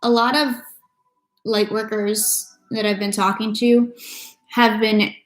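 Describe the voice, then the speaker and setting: A woman's voice: on the high side, little pitch movement, takes it slowly. A woman giving a loose, chatty live-stream tarot reading, swearing casually and greeting viewers by name. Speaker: tarot reader. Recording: echoey room with faint noise.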